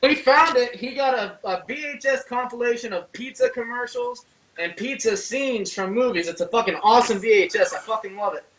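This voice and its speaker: High-voiced guy cursing a lot in casual chat, sounds far from the mic with a bit of hiss. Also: fairly quick. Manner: profane, animated storytelling. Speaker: podcast co-host. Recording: distant mic with faint noise.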